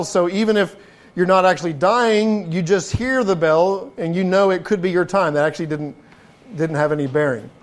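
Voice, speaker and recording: A man with a high-pitched voice preaches a sermon from the pulpit. He talks to the congregation in a loose, conversational way, tossing them rhetorical questions. His phrases often stumble and restart before he finds the words. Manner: frequent restarts and repeated words. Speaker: pastor.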